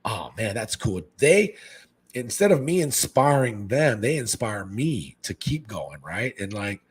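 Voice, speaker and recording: A man from Hawaii, a guest on a casual podcast chat, talking excitably and saying "man" constantly. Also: unhurried, slightly rough. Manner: excitable, says "man" constantly, jumps into high animated quoted voices. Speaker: guest, fish-keeping content creator.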